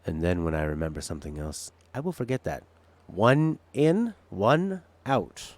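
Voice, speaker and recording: A man's voice: low voice, very animated, a little slow. A male game streamer rambling through casual, opinionated, jokey commentary while he plays.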